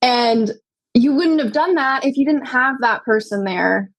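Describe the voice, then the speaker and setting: A woman with a slightly high-pitched voice speaks as a podcast guest, earnest and reflective. She often checks in with the listener with small tag questions. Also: animated, a little slow, rough recording. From United States. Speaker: podcast guest, yoga teacher and doula. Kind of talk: conversational interview.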